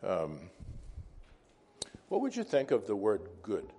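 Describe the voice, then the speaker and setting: A man's voice: on the low side, wildly swooping pitch, slow, dark tone, husky. A man teaching an informal Bible class, conversational and wandering into asides, asking the class questions.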